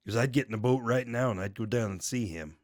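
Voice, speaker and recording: A man's voice: medium pitch, fast, no room sound, clean studio sound, natural voice. A man voicing a laid-back hippie co-host with an easygoing, drawling way of talking. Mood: mellow. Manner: drawling, easygoing, says "man" and "stay cool". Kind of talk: casual show sign-off.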